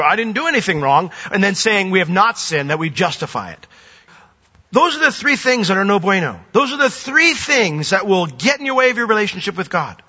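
A man's voice: high voice, sharp tone. An older man preaching a sermon as a pastor, earnest and conversational. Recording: dull reverberant hall.

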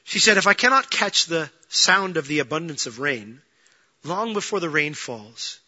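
Man preaching, high bright voice, goes loud then real quiet, kinda muffled lo-fi sound. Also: moderate pace. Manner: animated storytelling, acting out quoted lines, rising to near-shouting then dropping low. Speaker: pastor. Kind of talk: sermon.

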